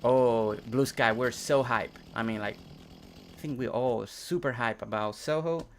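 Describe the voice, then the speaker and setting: A young man whose first language is Spanish, chatting casually on a game live stream, reading chat aloud and thinking out loud while he builds. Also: medium pitch, a little slow, a little hiss or hum.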